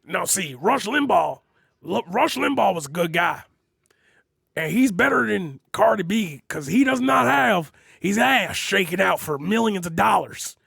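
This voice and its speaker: A man's voice: sits high, lively intonation, measured pace, creaky, slightly rough, no room sound, clean studio sound, heavily acted. A man doing a blustering conspiracy radio pundit. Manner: bombastic, loud, preachy.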